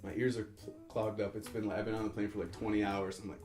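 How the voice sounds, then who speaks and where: A young man with a fairly low voice tells a story casually, wandering, backtracking and doing little voices for the people involved. The room gives his voice a noticeable echo, and a guitar plays faintly in the background. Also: little pitch movement, quick pace, a little mellow. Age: 20s. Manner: rambling, self-correcting, acts out quoted voices. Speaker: musician telling a story.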